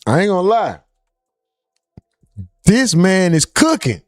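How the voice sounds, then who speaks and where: A man's voice: sits high, very animated, slow, darkish tone, no room sound, clean studio sound. A man hosting a live reaction stream, hyping up the clips he plays. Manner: hyped, eggs on the clip. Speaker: livestream host.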